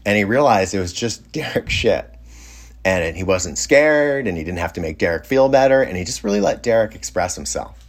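A man's voice: fairly low pitch, lively intonation, normal speed. Amused, rambling middle-aged man. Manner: rambling, self-interrupting, amused. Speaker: storyteller. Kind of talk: casual anecdote.

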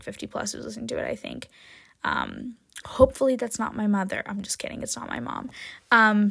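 A woman hosting her own podcast in a casual, jokey chat, often tagging "right?" and "um", with sudden excited jumps in pitch and loudness. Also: creaky, dry recording, studio quality. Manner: chatty and jokey, with frequent "right?" and "um". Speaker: podcast host.

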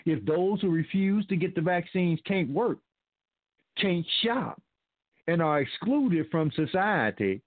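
A man's voice: high-pitched, expressive, slow pace, no room sound. A male talk host reading news aloud and commenting with sarcasm, calling his listeners family. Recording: dry phone-like line.

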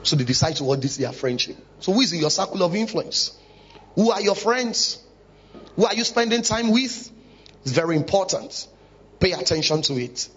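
A man's voice: sits high, animated, moderate pace, a bit bright, a little hiss or hum. A man preaching a sermon in church, emphatic and full of rhetorical questions. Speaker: pastor. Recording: dull lo-fi recording.

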